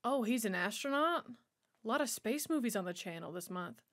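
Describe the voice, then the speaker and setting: Casting: high-voiced woman, sassy movie-reaction host with an animated delivery. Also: brisk. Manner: chatty, sassy running commentary. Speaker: movie watch-along host. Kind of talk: reacting to a film while watching.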